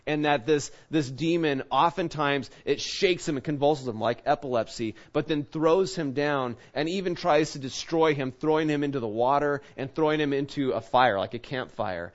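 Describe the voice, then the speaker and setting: A man's voice: on the high side, normal speed, hardly any pauses, lo-fi sound. A male pastor giving a conversational Bible-teaching sermon, asking his listeners rhetorical questions.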